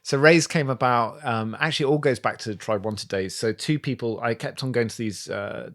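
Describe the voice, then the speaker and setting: A man's voice: medium pitch, moderate pace, fairly bright tone. A man guesting on a podcast, telling stories with enthusiasm in a casual conversational way, often restarting his sentences.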